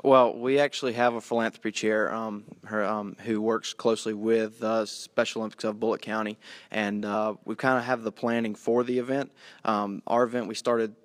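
A man's voice: fairly low pitch, flat delivery, moderate pace, dry recording. A young man, a college student guest, politely explaining his group's charity work. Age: young adult. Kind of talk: interview answers.

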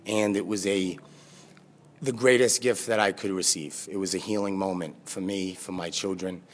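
A man with a very low voice talks earnestly in a live interview, halting and restarting with fillers. Faint noise hums behind him. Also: fairly even intonation. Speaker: guest, former pro basketball player. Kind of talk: conversational interview. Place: live studio with audience.

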